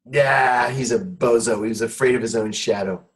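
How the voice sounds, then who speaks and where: A middle-aged man, a guest on a talk show, telling a wry, animated story in conversation. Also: mid-range voice, normal speed, poor audio.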